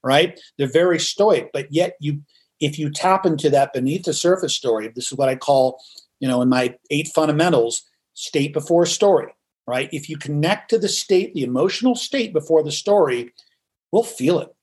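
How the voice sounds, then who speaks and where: Male coach, theatrical and emphatic, somewhat high-pitched, podcast guest. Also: normal speed, a little mellow, breathy edge. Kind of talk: podcast interview.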